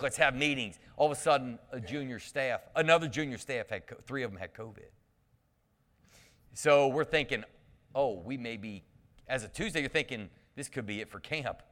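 In an echoing church sanctuary, a male pastor with a mid-range voice preaches a sermon full of lively storytelling, humor, and call-outs to the congregation. The long reverb of the hall hangs on every word.

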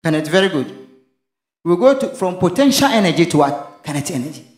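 Very animated and fast, this slightly high-voiced pastor preaches in a roomy space with soft music behind him. He leaves questions for the congregation to finish and weaves in local expressions.

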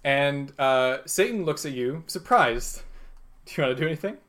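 A man's voice: medium pitch, lively intonation, normal speed, fairly bright tone. A man narrating a tabletop game as game master, casual and laughing, with many fillers.

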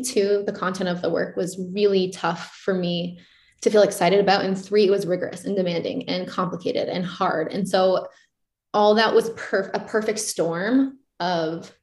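A young woman speaking as an interview guest, candid and animated as she acts out her own inner questions. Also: medium pitch. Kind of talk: casual reflective interview talk. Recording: roomy echoey sound.

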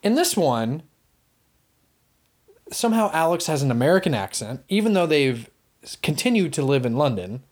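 A man co-hosting a casual podcast about movies, rambling and animated, swearing now and then. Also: fairly high pitch, moderate pace, pauses often. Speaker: podcast co-host.

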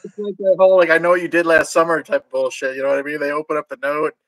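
A man co-hosting a podcast, jumping in with quick reactions and comments. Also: on the high side, little pitch movement, a bit bright, dry recording, low-quality recording. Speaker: podcast co-host. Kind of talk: casual chat.

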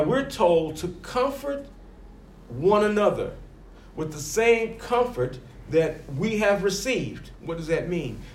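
A man's voice: on the high side, reverberant, a little hiss or hum. A man preaching a sermon, rising and falling emphatically and acting out the voices he quotes.

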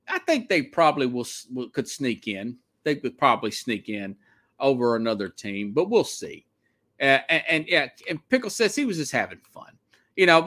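Opinionated man, slightly high voice. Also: fairly bright tone. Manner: rambling and opinionated. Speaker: sports talk host. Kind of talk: sports talk monologue.

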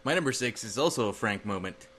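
A man's voice: lowish voice, quick pace, breathy edge. A man co-hosting a casual chat, recounting a scene while laughing. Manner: laughing, relaxed storytelling. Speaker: podcast co-host.

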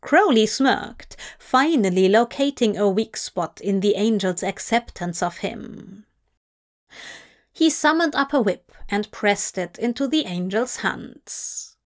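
A woman narrating fan fiction as an audiobook reading, measured and deliberate. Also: mid-range voice.

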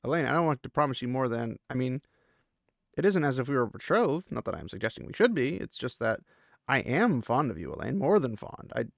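A man's voice: medium pitch, very animated, brisk, creaky, no echo, studio quality. A man voicing a flustered young man who halts and stumbles over his words while trying to stay earnest.

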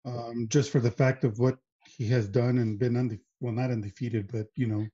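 A relaxed man talking casually on a podcast, easygoing and quick to laugh. His voice is mellow and warm. The audio sounds slightly dull, like a lo-fi recording. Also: mid-range voice, husky. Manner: laid-back, laughs often, uses filler words. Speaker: podcast co-host. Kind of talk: casual chat.

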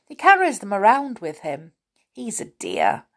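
A chatty, friendly girl from a storybook, read by a woman, fond and cheerful. Her pitch bounces about freely as she talks. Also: huge pitch swings, a little slow.

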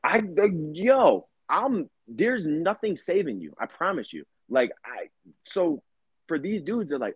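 Husky male podcast co-host, animated and profane, dry and slightly dull sound. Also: fairly high pitch, normal speed, no room sound. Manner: profane, animated storytelling with put-on quotes. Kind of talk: casual chat.

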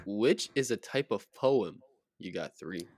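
A man's voice: on the low side, expressive, slow pace, darkish tone, dry recording, studio quality. A man co-hosting a casual podcast quiz, laughing often, swearing, and playfully unsure of his answers. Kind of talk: casual chat.

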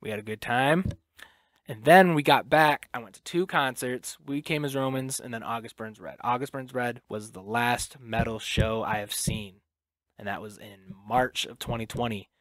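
A man's voice: medium pitch, moderate pace, fairly bright tone, no echo. A young man hosting a casual solo podcast, talking loosely with lots of fillers and swearing. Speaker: podcast host.

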